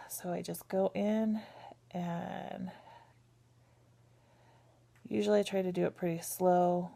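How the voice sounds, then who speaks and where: A woman's voice: fairly low pitch, gravelly, mellow. A woman vlogging casually and candidly, hesitant and full of ums, walking viewers through her daily routine. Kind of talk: casual personal vlog.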